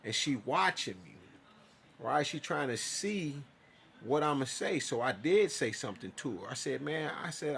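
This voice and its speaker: A man's voice: medium pitch, expressive, normal speed, creaky, fairly bright tone, slight background noise. A man telling his own story in a casual, profane monologue, acting out his side of conversations.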